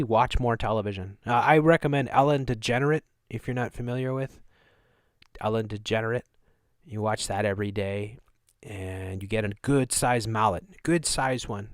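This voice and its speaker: A man's voice: mid-range voice, a little fast, dry recording, clean studio sound. Sarcastic man hosting a live show. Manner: sarcastic, mocking, chuckling asides. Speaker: live-stream host. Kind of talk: live commentary on news clips.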